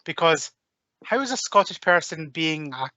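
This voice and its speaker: A man's voice: on the high side, animated, moderate pace, pushed and bright, no echo. A man co-hosting a podcast, chatting casually about a film with teasing, jokey asides. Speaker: podcast co-host. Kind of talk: casual chat reviewing a film.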